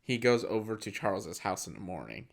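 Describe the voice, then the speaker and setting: A man's voice: fairly low pitch, very animated, brisk, vocal fry. A man co-hosting a podcast, casually recapping a film in a rambling way with frequent fillers. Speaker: podcast co-host. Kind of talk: casual movie-review chat.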